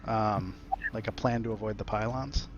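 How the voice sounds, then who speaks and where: A man narrates a tabletop role-playing session as dungeon master. He speaks casually, pausing on fillers, in a fairly low voice. The sound is dull and lo-fi. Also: noisy background. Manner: relaxed, casual, with hesitant fillers.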